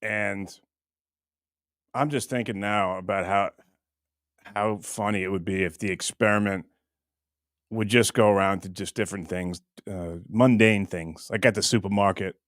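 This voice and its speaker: A man's voice: lowish voice, fairly even intonation, normal speed, long pauses, a bit bright, no room sound, clean studio sound. A man hosting a show, riffing through comic bits in casual chat and laughing often. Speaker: host.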